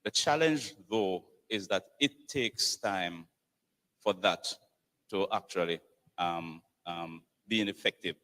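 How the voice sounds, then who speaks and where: A man on a panel answers an audience question in a hesitant way, repeating words and filling pauses. His voice sits somewhat low. Long reverb from a conference hall surrounds him. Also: a bit bright, far from the mic. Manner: hesitant, many fillers and repeats. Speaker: police commissioner.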